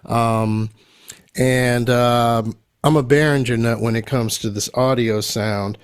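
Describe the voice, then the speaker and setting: A man's voice: medium pitch, fairly even intonation, slow pace, clean tone. Chatty male podcast host full of ums. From Los Angeles, US. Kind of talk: casual interview chat.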